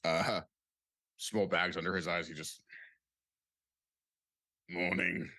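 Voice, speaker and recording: A man's voice: low-pitched, steady tone, measured pace, pushed and bright, no room sound, clean studio sound. A man playing a tabletop role-play game, rambling and joking with stammering restarts. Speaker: player.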